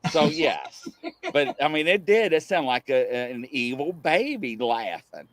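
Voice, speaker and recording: Male host, rambling live-chat storyteller with a lively, dry-sounding delivery. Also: mid-range voice, unhurried, no echo. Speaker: livestream show host. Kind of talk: casual live-show chat.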